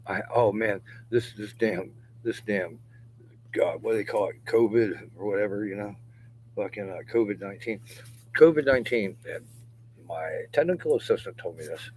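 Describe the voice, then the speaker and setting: A man's voice: lowish voice, animated, moderate pace, a little mellow, a little hiss or hum, low-quality recording. A middle-aged man talking to his camera outdoors in a yard in a rambling, profane monologue, laughing between phrases and dropping at times to a mutter or a whisper. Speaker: vlogger.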